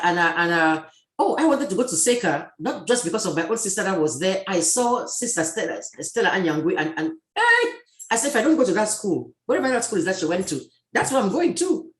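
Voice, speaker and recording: Woman host on a roomy video call. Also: medium pitch. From Cameroon. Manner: lively, many restarts and repeated words. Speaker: talk show host. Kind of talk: casual video chat.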